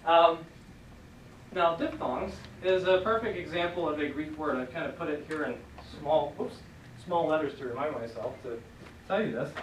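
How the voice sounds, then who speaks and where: A man's voice: on the high side, moderate pace, a little hiss or hum. Teacher man in an echoey classroom. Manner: relaxed, leads class in repeating sounds. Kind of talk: classroom lesson. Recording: echoey room, voice from far off.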